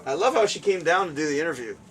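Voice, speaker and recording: Excitable rambling male host, bright voice. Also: fairly high pitch, rapid-fire, a little hiss or hum. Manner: excitable and rambling, laughs a lot. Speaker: show host. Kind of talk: casual interview chat. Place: guest's home, indoors. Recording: distant mic, faint room ambience.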